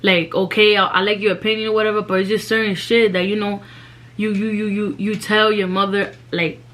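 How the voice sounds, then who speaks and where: A woman's voice: medium pitch, little pitch movement, brisk, fairly bright tone. A young woman, telling a personal story in a casual, slangy vlog and dropping in Spanish phrases.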